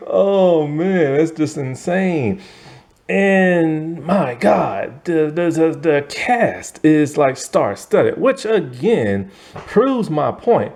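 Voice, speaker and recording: A man talks through a movie review in a loose, chatty way. His pitch swings up and down a lot, and his thoughts ramble along with plenty of fillers. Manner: rambling, animated, lots of fillers and laughs. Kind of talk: casual spoken movie review.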